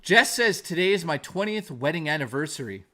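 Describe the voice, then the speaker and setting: A man's voice: a little high, expressive, fairly quick, bright, forceful tone. A man on a live stream ranting in anger, swearing often, then reading his chat aloud. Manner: heated, profane, repetitive ranting.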